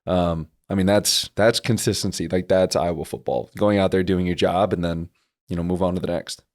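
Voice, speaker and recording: A man's voice: deep voice, moderate pace. A young man co-hosting a casual sports podcast, patiently explaining football plays and rules. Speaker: podcast co-host.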